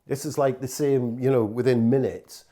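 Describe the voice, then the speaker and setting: A man's voice: mid-range voice, steady tone, moderate pace, dark tone. A middle-aged man, telling rambling stories in an interview, full of fillers, swearing and acted-out quotes. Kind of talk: casual anecdotal storytelling.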